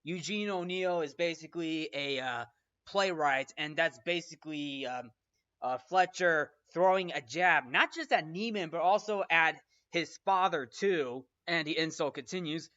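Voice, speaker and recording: A man hosts a casual film breakdown in a bright, clear voice. He rambles, repeats himself and restarts his sentences often. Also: fairly high pitch, measured pace, dull audio. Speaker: film review host.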